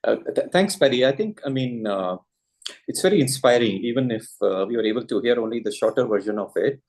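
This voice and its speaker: A man's voice: medium pitch, lively intonation, a little fast, a little mellow. A man moderating a conference, thanking the speaker in a hesitant way with many fillers.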